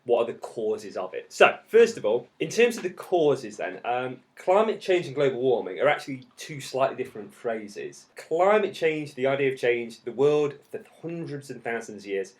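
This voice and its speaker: A man's voice: mid-range voice, big pitch swings, moderate pace, hardly any pauses. A man in his thirties who teaches geography, explaining step by step with jokes in a casual podcast. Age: 30s.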